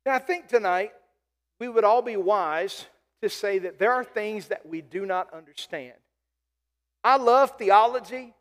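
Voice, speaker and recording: Preaching emphatically as pastor, a man repeats his key lines and calls out to the congregation. His voice is high-pitched, trailing into a long reverb tail.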